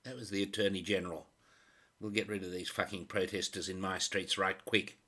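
A man's voice: sits low, level tone, brisk, bright, forceful tone. A man voicing a blustering, bossy police chief who barks orders and swears crudely.

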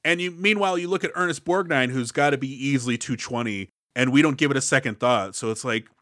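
A man co-hosting a casual movie podcast, opinionated and sarcastic, tossing in quick impressions. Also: mid-range voice, fairly bright tone, no echo, clean studio sound. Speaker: podcast co-host. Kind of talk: casual movie review banter.

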